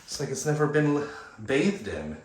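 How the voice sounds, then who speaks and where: Slight background noise accompanies a mid-range Texan voice with big pitch swings as a real estate agent walks through a house and backyard, camera in hand. He's chatty and jokey, a little winded from moving, and points out features in quick-fire lists.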